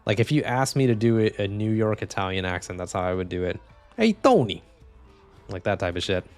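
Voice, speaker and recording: A man's voice: on the low side, flat delivery, fast, faint music behind. A young man talking casually while playing a video game, joking, rambling and swearing freely. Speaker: gaming streamer. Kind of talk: casual gameplay commentary.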